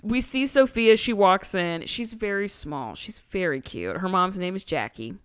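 A woman co-hosting a casual podcast, talking with a lively, swooping delivery and a smooth, clear tone. She recaps with sarcastic, slangy asides. Her voice sits close and dry, with no room sound. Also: mid-range voice, measured pace, no echo. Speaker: podcast co-host.

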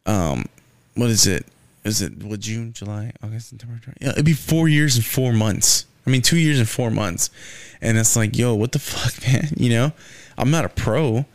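Gravelly-voiced man rambling on his podcast. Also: mid-range voice, normal speed, dry recording. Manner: rambling, profane, says "man" and "you know" a lot. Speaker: podcast host. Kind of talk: casual solo podcast rant.

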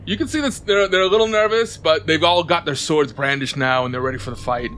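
A man's voice: on the high side, quick pace, bright, forceful tone, slight background noise. A man running a tabletop game as game master, narrating loosely and often repeating his words.

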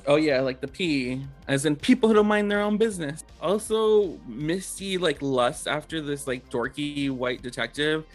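A man with a slightly high voice chats through a film's scenes on a podcast. He giggles often and slips into playful mock voices for the characters. Soft music sits faintly in the background. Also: normal speed, few pauses. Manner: giggly, chatty, acts out lines in mock voices. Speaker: podcast co-host. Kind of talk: casual chat recapping a film.

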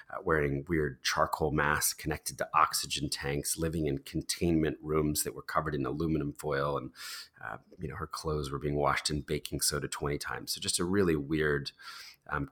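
Very deep-voiced man in his thirties. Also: fairly bright tone. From United States. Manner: thoughtful, with frequent ums, uhs and restarts. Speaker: interview guest. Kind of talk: conversational storytelling. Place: New York City.

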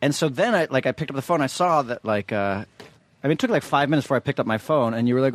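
A man co-hosting a podcast who rambles through stories with a lively, swinging pitch. His voice is mid-pitched and recorded close and dry. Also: quick pace, no echo. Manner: rambling storyteller, lively and joking. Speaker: podcast co-host. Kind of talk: casual podcast chat.

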